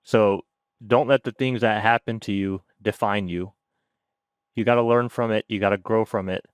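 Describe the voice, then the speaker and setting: A man's voice: lowish voice, fairly even intonation, moderate pace, clean tone, no room sound. A man in his late twenties co-hosting a podcast, offering reflective, motivational closing thoughts. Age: late 20s. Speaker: podcast co-host. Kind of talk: casual podcast talk.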